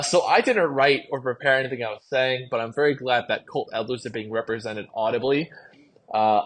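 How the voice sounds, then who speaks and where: A man from Hawaii leaving a casual, enthusiastic voice message through an earbud mic, laughing and rambling. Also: medium pitch. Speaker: listener sending a voice message.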